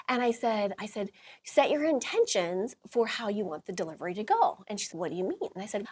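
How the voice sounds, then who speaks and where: A woman's voice: medium pitch, sing-song, fast talker, a little mellow, breathy edge. A middle-aged woman hosting a talk, telling a personal story to a small audience, laughing often and acting out quotes. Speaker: host.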